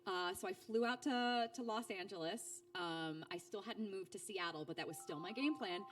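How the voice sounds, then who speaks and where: A woman's voice: normal speed, recorded from a distance, faint music behind. A woman in her thirties, a voice actor, telling stories in a casual interview, full of fillers and restarts and acting out quoted lines. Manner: animated, acts out quoted speech with big pitch jumps; chatty with frequent fillers and restarts. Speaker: voice actor guest.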